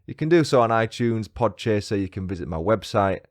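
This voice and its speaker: A man's voice: on the low side, expressive, a little fast, no echo, studio quality. A man with a northern English accent hosting a true-crime podcast, reading listener reviews with cheeky, self-mocking banter. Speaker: podcast host.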